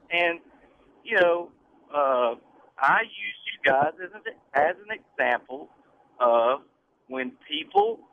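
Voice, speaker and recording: Defensive caller on a tinny phone line. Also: male voice, a little high, creaky. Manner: defensive, repeats himself while trying to get a word in. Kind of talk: heated call-in argument.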